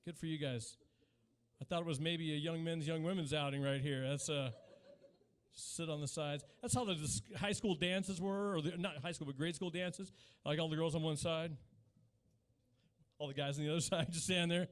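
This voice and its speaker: Brief: forties stand-up comic, high-pitched, chatty and mock-incredulous, works the room on a handheld mic. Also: male voice, fairly even intonation, normal speed. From Utah. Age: 40s. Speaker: stand-up comedian. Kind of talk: live stand-up comedy. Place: small cafe stage with a live audience.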